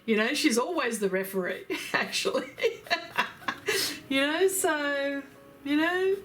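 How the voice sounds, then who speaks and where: Woman, slow unhurried chat, fairly high voice, faint music behind. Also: very animated, fairly bright tone, slight background noise. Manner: chatty, laughing, reads out viewer comments. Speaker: art livestream host reading chat. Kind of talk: casual chat.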